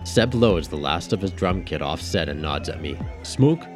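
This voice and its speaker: A man with a very low voice reads a first-person audiobook. His tone is casual and wry, like a storyteller talking to a friend. Faint music plays behind him. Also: animated, normal speed. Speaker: narrator.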